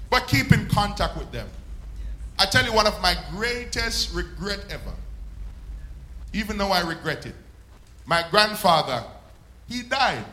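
A male pastor preaches in a high, bright, ringing voice. He swells up and then stretches words out slowly for emphasis. The sound bounces around an echoey church room. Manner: preaching with sudden swells and slow drawn-out emphasis. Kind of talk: sermon.

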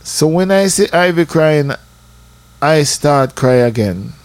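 A man's voice: a little high, slow pace, no room sound. Jamaican man telling his testimony. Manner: lively storytelling, slips into patois. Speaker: church member giving testimony. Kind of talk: personal testimony storytelling.

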